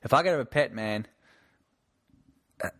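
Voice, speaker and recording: A man from Newfoundland talks loosely and profanely on his own podcast, joking his way from one tangent to the next. His pitch swings widely as he rants. The sound is dry and close, with no room around it. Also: lively intonation, normal speed, fairly bright tone, dry recording. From Newfoundland, Canada. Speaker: podcast host and stand-up comic. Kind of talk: casual solo podcast rant.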